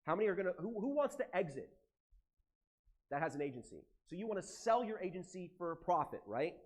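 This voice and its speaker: An animated, emotional American man giving a live seminar talk to a conference audience and swearing casually. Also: sits high, fairly quick. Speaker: conference speaker.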